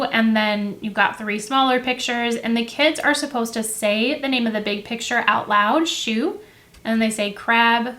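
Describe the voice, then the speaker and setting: Chatty woman teacher, slightly high voice. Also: bright, forceful tone. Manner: friendly and chatty, with filler words and self-corrections. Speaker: teacher and education video host. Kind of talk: casual instructional explanation. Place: indoors at a table with materials. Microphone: camera close to the table.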